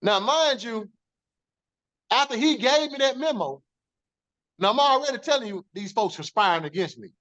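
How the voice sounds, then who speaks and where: A man's voice: extremely high pitch, animated, moderate pace, long pauses, a bit bright, highs cut off. A man, a former corrections officer, telling his story in an interview, emphatic and profane, acting out the dialogue he quotes.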